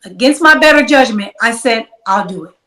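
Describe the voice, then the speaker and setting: A woman's voice: on the high side, normal speed, echoey room, recorded from a distance, low-quality recording. A woman guest telling a long story in an interview, acting out the back-and-forth of quoted dialogue. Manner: animated, acts out quoted dialogue.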